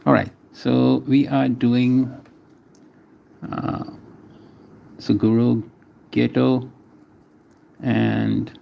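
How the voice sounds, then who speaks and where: Man, mellow dark voice, faint background noise, live drawing commentary, casual, names each stroke. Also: mid-range voice, little pitch movement, very slow, vocal fry, long pauses. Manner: chats with viewers between strokes. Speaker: artist streaming a drawing session.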